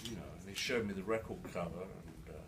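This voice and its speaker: An older man speaking to a live audience, halting with many restarts, his words slightly slurred by a new denture. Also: deep voice, fairly bright tone. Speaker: guest speaker. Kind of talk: live storytelling talk. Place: event hall with an audience. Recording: distant mic in a noisy room.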